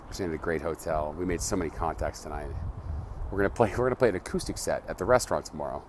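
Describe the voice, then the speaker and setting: A man with a very low voice talks straight to camera, earnest and full of curses as he tells his stories. He manages a band and records this casual vlog outdoors on a city street at night, with faint street noise behind him. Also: fast. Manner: earnest, profane storytelling.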